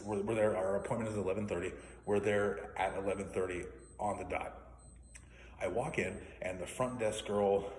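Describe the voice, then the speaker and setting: An indignant man rants and swears, clearing his throat now and then. His voice sits low. It rings in a roomy space with a long reverb tail and faint noise underneath. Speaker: vlogger. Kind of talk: angry ranting monologue. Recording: echoey room with faint noise.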